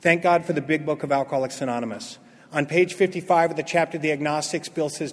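High-voiced man telling his story in a hall. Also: quick pace. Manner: animated storyteller, acts out quotes, swings from loud to hushed. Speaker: speaker at a recovery meeting. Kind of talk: personal recovery testimony. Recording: long hall reverb.

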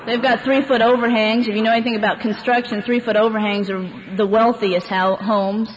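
A woman's voice: a little high, fairly even intonation, a little fast, a crowd in the background. Woman giving a candid, laugh-filled recovery share in a roomy hall, muffled recording with faint background hiss. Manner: candid storyteller, laughs through the telling. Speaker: speaker sharing a recovery story. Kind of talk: personal testimony to a recovery meeting. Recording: echoey hall, dull lo-fi sound, faint background noise.

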